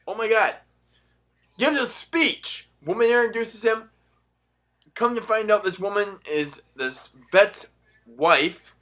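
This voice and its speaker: A young man ranting in a profane, sarcastic monologue, swinging between loud outbursts and muttered asides. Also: fairly high pitch. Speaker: political commentary vlogger.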